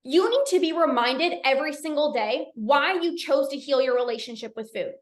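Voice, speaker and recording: A woman coach talking casually in a live session, energetic and chatty with many restarts. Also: high-pitched, moderate pace, reverberant. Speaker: binge eating coach hosting a live session. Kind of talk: casual live-stream talk.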